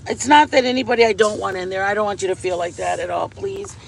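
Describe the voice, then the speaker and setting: A man's voice: high voice, fast, creaky, slight background noise. A man hosting a casual livestream on wireless earbuds, gushing and affectionate, swearing playfully at his viewers. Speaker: livestream host.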